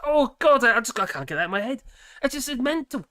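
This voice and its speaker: A man's voice: very high voice, big pitch swings, fast talker, bright, forceful tone. A man hosting a live stream in casual chat, rambling, laughing often and trailing off mid-sentence.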